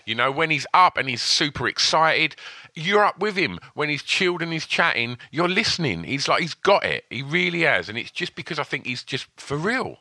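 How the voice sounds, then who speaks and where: A man's voice: on the high side, sing-song, moderate pace, pushed and bright, no room sound. A man co-hosting a podcast, talking enthusiastically and repeating himself for emphasis. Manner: enthusiastic, asks co-host questions, repeats for emphasis. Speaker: podcast co-host. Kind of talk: casual chat.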